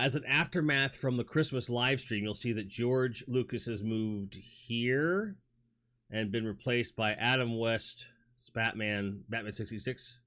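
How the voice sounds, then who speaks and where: Here a New York-accented man with a medium-pitched, slightly bright voice runs a laid-back livestream from the toy room in his home. Using a studio mic, he rambles, reads the chat out loud, and often uses fillers and starts over.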